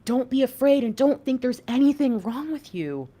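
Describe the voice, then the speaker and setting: Animated preachy woman on a livestream. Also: high-pitched, normal speed. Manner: animated, preachy, talks to chat. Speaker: intuitive reader and livestream host. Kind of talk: livestream spiritual reading, preachy chat.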